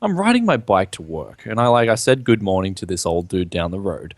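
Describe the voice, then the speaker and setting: A man's voice: low-pitched, brisk, hardly any pauses, no room sound. A young man co-hosting a gaming live stream in casual, rambling chat, filling his sentences with "like". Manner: animated, rambling, sprinkles "like".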